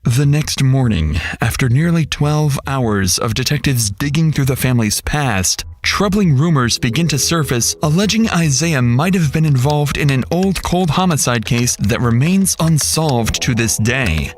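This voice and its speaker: A man giving scripted true crime narration in a measured, suspenseful delivery. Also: medium pitch, lively intonation. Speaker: documentary narrator. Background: faint music.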